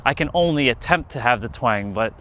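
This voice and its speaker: A man's voice: mid-range voice, animated, fairly quick, sharp tone, a little hiss or hum. A man chatting casually on a live stream outdoors, rambling with lots of fillers and laughing at himself. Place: outdoors near a park.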